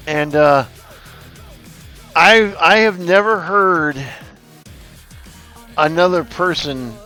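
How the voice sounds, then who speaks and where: A male streamer in his forties tells a story off the cuff with a fairly high voice. He rambles and swears, restarting his sentences as he goes, with faint music playing behind him. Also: a bit bright. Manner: rambling, profane, many restarts. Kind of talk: casual storytelling.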